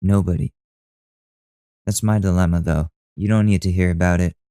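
Young guy ranting and cussing on his podcast, kinda low dark voice, dry close sound. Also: fairly even intonation, normal speed, clear, resonant tone, dry recording. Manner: profane, exasperated, ranting. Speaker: podcast host. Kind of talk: casual rant to camera.

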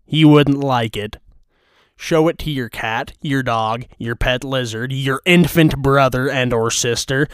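A man's voice: medium pitch, measured pace, fairly bright tone, no echo, studio quality. A man hosting a casual podcast, ranting in a crude, mock-angry, teasing way. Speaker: podcast host. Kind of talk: crude comedic rant.

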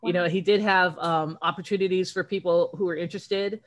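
A woman's voice: fairly low pitch, fairly even intonation. A woman co-hosting a podcast, talking casually and laughing along. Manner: chatty, quick to laugh along. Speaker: podcast co-host.

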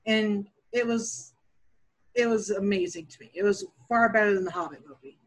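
A woman's voice: mid-range voice, brisk, rough recording. A woman guest on a podcast, a dungeon master, chatting candidly and laughing at herself. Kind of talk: casual interview chat.

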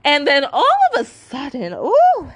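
This twenty-something podcast host talks a little slowly, her pitch swooping wildly as she rants in a casual, emphatic way. Profanity and fillers pile up, and she adopts a high, mocking tone whenever she quotes someone.

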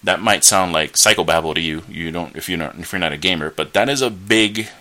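Low-voiced opinionated man hosting a podcast. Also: brisk, pushed and bright. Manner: opinionated, rambling, with frequent fillers and restarts; scornful rants. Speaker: podcast host. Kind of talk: solo podcast commentary.

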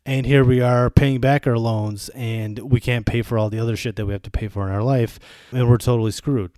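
Thirties american guy venting on his podcast, swears a lot, mellow voice, dry sound. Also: medium pitch, steady tone, fairly quick, no room sound. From United States. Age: 30s. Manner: profane, ranting. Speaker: podcast host. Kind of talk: casual monologue.

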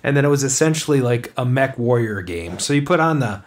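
A man in a relaxed podcast conversation, asking questions and telling a story. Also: mid-range voice, fairly quick. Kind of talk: casual chat.

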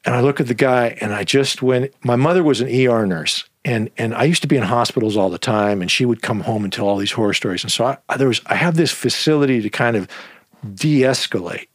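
Profane, animated male storyteller. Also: mid-range voice, brisk, breathy edge, dry recording, studio quality. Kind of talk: casual storytelling.

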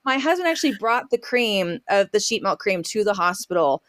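A woman homesteader as a podcast guest, telling a story in a lively way and acting out her own quotes with fillers and laughs. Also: mid-range voice, a little fast, dry recording, clean studio sound. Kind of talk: casual storytelling interview.

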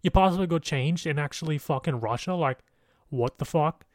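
A young man hosts his podcast in a rambling, casual monologue, swearing freely as he goes. His voice sits a little high for a man. The recording is dry and close, with no room sound. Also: moderate pace, no echo. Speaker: podcast host.

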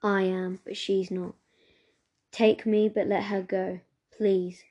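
Storybook boy, desperate and pleading, warm low-key voice, read by a woman. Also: flat delivery, slow, muffled recording. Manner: urgent and pleading. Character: frightened young boy, desperate and quick-thinking.

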